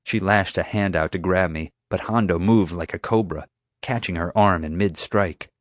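A man narrating an audiobook with expressive, storytelling delivery. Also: low-pitched, moderate pace, no room sound, clean studio sound.

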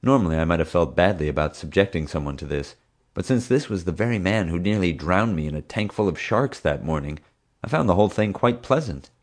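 A male audiobook narrator with a lowish voice that moves a lot. He tells the story expressively, with full scripted narration. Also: animated, fairly quick.

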